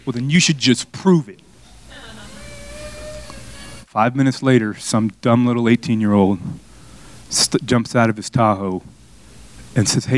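Male pastor, conversational storytelling sermon, dry mic, mid-range voice. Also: dry recording. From Miami. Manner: storytelling, conversational with the crowd, rising to excited highs.

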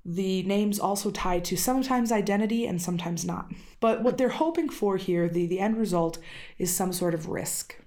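A woman's voice: mid-range voice, moderate pace, darkish tone. A woman with a Wisconsin accent, co-hosting a casual podcast and explaining a legend she researched, with frequent "uh" fillers. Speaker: podcast co-host presenting research.

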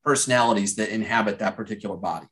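A man co-hosting a podcast who recaps and discusses a TV series in a measured way. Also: on the low side, fairly bright tone. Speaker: podcast co-host. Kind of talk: casual chat reviewing a TV series.

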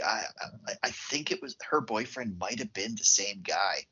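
A man co-hosting a casual film podcast with a husky voice, laughing often and mimicking characters. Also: on the low side, normal speed, pushed and bright, muffled recording. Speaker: podcast co-host.

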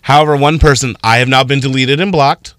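Impassioned radio co-host, dry studio sound. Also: male voice, mid-range voice, steady tone, brisk, fairly bright tone, no echo. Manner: impassioned, rambling with restarts. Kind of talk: casual radio chat.

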